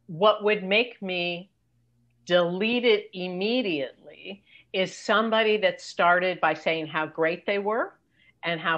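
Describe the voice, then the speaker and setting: A woman's voice: a bit bright, dull audio. An older woman, a career coach, giving emphatic, practical advice as a guest in an interview. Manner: brisk, emphatic, mimics pitch emails.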